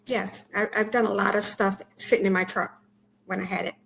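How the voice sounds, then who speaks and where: A woman guest on a podcast, giving brief, soft-spoken answers over a video call. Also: mid-range voice, fairly even intonation, brisk, gravelly, slight background noise, poor audio. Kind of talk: casual interview answers.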